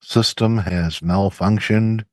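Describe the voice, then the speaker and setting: A man's voice: fairly low pitch, steady tone, takes it slowly, darkish tone, dry recording. A man co-hosting a casual podcast, joking crudely and rambling about sports and the news. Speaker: podcast co-host. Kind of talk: casual chat.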